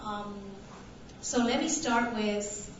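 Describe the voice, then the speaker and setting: A woman from Tanzania raised in Canada, giving a conference talk, slow and hesitant with many fillers. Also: mid-range voice, slight background noise. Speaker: conference speaker. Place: conference hall. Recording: distant, echoey, muffled hall recording.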